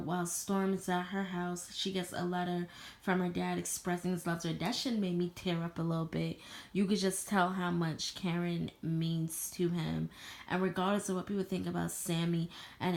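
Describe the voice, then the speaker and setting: Woman, low-pitched, flat delivery, casual vlog recap, chatty and profane, echoey room. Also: vocal fry. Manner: loose and chatty, swears freely, leans on "you know". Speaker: TV show reviewer.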